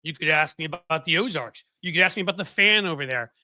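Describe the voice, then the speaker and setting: A man hosting a political commentary show, chatting casually with a sarcastic, rambling, animated manner. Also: on the high side, quick pace, a little hiss or hum.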